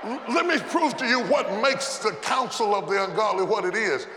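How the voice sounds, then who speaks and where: A man delivering a sermon as a pastor, shouting refrains and calling on the congregation to repeat after him. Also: high-pitched, lively intonation, moderate pace. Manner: preaching with shouted refrains and call-and-response. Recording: echoey hall with background noise.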